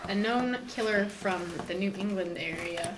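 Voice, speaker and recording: A woman's voice: medium pitch, moderate pace. Teen girl storyteller, casual recap, distant noisy classroom recording. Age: teens. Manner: casual, chatty retelling with quoted voices. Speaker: student storyteller. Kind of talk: retelling a novel aloud. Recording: distant mic with background noise.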